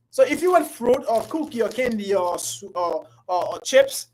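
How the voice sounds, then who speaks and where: A woman with a fairly high voice teaches English in a live class. She coaxes her students and repeats her questions. Her delivery is playful and lively, and her volume rises and falls. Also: husky, rough recording. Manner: playful, coaxing, repeats herself often; lively, swings between loud and soft. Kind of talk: live online language class.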